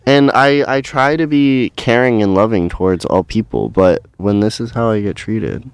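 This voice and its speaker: A young man co-hosting a college radio show in a low, smooth, resonant voice. He talks casually and tells his stories with animated indignation. The sound is close and dry, with no room echo. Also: normal speed. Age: young adult. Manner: chatty, animated storytelling with rising indignation. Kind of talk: casual chat.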